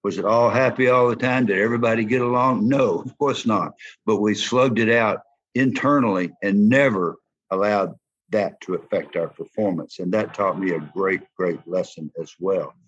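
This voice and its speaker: A man's voice: lowish voice, moderate pace, breathy edge. Older Southern man telling football stories. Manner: folksy, animated storytelling. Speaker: interview guest, former football player. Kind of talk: storytelling interview. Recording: dull lo-fi sound.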